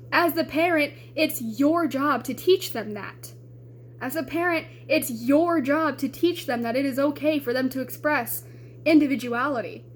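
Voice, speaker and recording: A young woman with a high voice delivers a heated, emotional rant straight to camera. She is blunt and swears freely. A faint hum sits underneath her voice. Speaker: vlogger.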